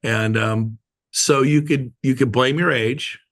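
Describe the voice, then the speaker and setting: A man's voice: medium pitch, slow pace. A middle-aged man leading a team meeting on a video call, talking casually in a rambling, joking way. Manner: rambling, joking, animated storytelling.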